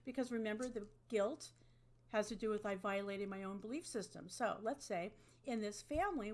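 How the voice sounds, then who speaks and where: A woman teaching an online class to a webcam, talking in a conversational way and often checking in with "okay?". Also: mid-range voice. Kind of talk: online lecture.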